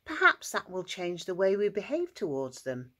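A woman narrating a children's story at school worship in an expressive, sing-song way. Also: medium pitch, moderate pace.

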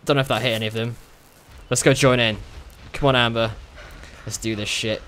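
A young man giving casual, excitable commentary while playing a video game, swearing and laughing often. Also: medium pitch, fairly quick. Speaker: gaming video host.

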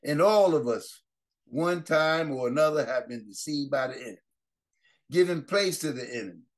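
Male pastor, fervent prayer-line sermon, rather high voice, repeats and restarts phrases. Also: animated, moderate pace. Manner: fervent preaching with repeated exclamations and rising emphasis.

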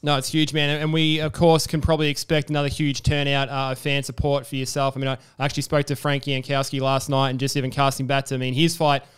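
Fast-talking podcast host. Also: male voice, mid-range voice, monotone, smooth. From Australia. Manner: chatty, filler-heavy, enthusiastic. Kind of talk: casual sports interview.

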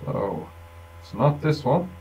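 A man's voice: medium pitch, lively intonation, slow, dark tone, lo-fi sound. A man thinking aloud at a workshop bench, rambling casually with wry asides as he demonstrates electronics work. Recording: distant mic with faint room noise.

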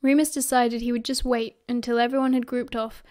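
A British woman reads an audiobook aloud, her voice sitting a little high for a woman. She narrates in a steady, expressive storytelling way. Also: a little fast. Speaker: audiobook reader.

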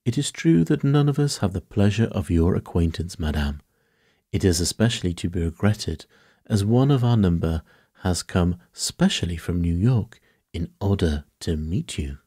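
A man's voice: sits low, expressive, normal speed, dark tone, breathy edge, no room sound, clean studio sound, full character voice. A man doing a polite, precise old detective. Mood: calm. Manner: formal, mildly reproving, polite. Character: fussy, courteous elderly male detective, calm and precise. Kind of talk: bedtime story reading.

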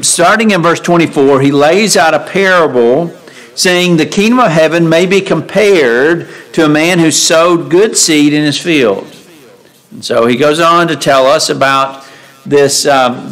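A man's voice: fairly high pitch, fairly bright tone, rough recording. Man preaching a conversational sermon. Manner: conversational, asks rhetorical questions, reads scripture aloud. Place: church sanctuary.

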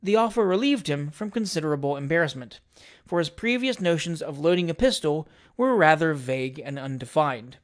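A reader narrating a classic novel at a measured pace, with a wry, dry touch. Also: mid-range voice, animated. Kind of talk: audiobook reading of a classic novel.

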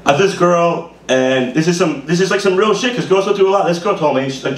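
This Brooklyn-raised comedian rambles through an open-mic stand-up set in a small bar comedy room, saying "you know" constantly. He speaks a little high and a little fast, barely pausing. The recording is roomy and live, with a distant mic and faint hiss.

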